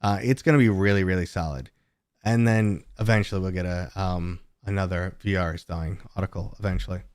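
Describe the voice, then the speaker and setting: A man's voice: steady tone, a little fast, clear, resonant tone, dry recording. A man hosting a casual live stream, rambling through viewer questions with lots of tangents and fillers. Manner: jumps to a much higher, louder pitch when greeting viewers.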